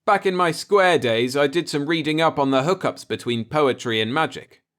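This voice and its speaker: A cocky bearded beatnik repairman, voiced by a man reading a story aloud. He talks in loose hip slang with easy confidence, his voice pitched higher and pushed louder. He sounds sure of himself even when stumped. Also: normal speed, close to an everyday voice. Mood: confident.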